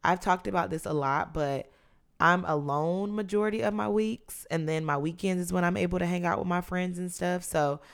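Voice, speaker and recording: A woman in her mid-twenties talks through her week on her own podcast. Her voice sits low, and she is chatty and candid, leaning on words and stretching them out for emphasis. It sounds close to the microphone. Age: 20s. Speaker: podcast host. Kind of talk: casual solo podcast chat.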